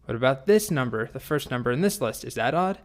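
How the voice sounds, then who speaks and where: A man's voice: medium pitch, animated, fast talker, lightly acted. A man voicing an earnest, polite young boy apprentice in a spoken story. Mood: asking.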